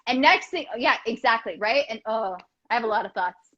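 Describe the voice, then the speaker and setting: A woman with a fairly high voice co-hosts a relaxed podcast chat. She rambles and thinks aloud. Her voice comes through a muffled, lo-fi video call line. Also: fairly quick. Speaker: podcast co-host. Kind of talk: casual chat.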